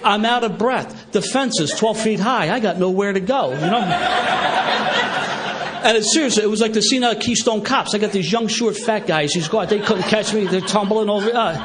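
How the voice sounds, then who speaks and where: A middle-aged man with a Philadelphia accent, telling stories as an AA speaker at a recovery meeting, animated and laughing as he talks. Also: sits high, normal speed, noisy background. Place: meeting hall with a live audience.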